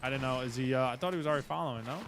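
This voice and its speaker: A man hosting a casual live game stream, chatting with viewers and greeting them by name, with excitable bursts. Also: mid-range voice, very fast, heavy background noise. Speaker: livestream host. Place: at work, indoors.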